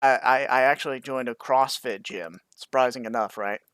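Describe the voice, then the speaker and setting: A man's voice: medium pitch, normal speed, a bit bright, clear, resonant tone, no echo, clean studio sound. A young American man co-hosting a live-streamed podcast, joking around and swearing freely. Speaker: podcast co-host. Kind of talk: casual live-stream chat. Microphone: stream microphone.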